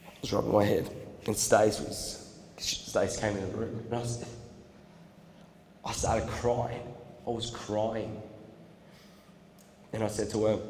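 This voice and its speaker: A young man telling his own story at a seminar, acting out the voices of people he quotes with big jumps in loudness. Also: on the low side, slow pace, pauses often. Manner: animated, acts out quotes with big swings in loudness. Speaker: seminar speaker. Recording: echoey hall recording, faint room noise.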